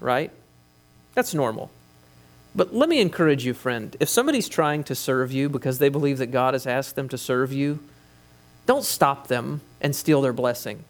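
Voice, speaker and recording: The sermon comes from a man with a slightly high-pitched voice, speaking as pastor through a headset microphone. His preaching is emphatic, broken up by brief, chatty remarks to the audience.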